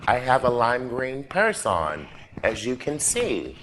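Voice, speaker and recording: A man's voice: mid-range voice, huge pitch swings, takes it slowly, fairly bright tone, a little hiss or hum. A man hosting a drag talk show, telling a comic story in a theatrical way with laughing asides.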